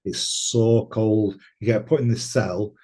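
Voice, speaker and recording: A man's voice: lowish voice, steady tone, slow, darkish tone. A British man telling a story in a casual interview, swearing often and laughing as he talks. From United Kingdom. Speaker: interview guest.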